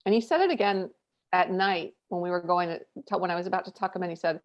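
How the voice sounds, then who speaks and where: A woman in her thirties, a podcast co-host, telling a family story in casual chat, candid and animated with lots of fillers. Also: fairly low pitch, fast talker. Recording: dull lo-fi audio.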